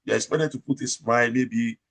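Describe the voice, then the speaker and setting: Loud, emphatic Nigerian man. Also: medium pitch, steady tone, a little fast, husky. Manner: loud, emphatic, repeats points and asks rhetorical questions. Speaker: operating room nurse manager. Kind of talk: advice talk in an interview.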